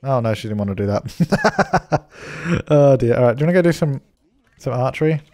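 A man talking casually into a desk microphone while he plays a life-simulation game. He chats away, laughs a lot and bosses his little characters around. His voice sits in an ordinary middle pitch. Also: expressive, moderate pace, darkish tone. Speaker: let's play host. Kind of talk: casual gameplay commentary.

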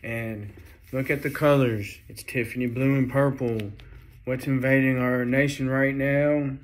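A man with a drawl delivers a fervent religious vlog sermon in an unhurried, deliberate way. His voice sits at an ordinary middle pitch, and he stumbles, circles back and repeats phrases as he presses his warnings home. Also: steady tone. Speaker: Christian video preacher.

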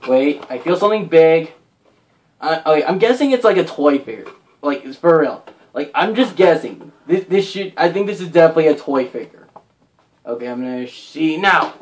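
Young male vlogger, high-pitched, unhurried, gushing and excitable. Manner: excitable, gushing, lots of "like" and "oh my gosh". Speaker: unboxing vlogger. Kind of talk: casual unboxing commentary.

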